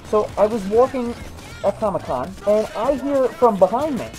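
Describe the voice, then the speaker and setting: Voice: mid-range voice, animated, moderate pace, a little mellow, poor audio. A video game host chatting casually while playing, rambling through stories with many restarts. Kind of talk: casual let's-play commentary.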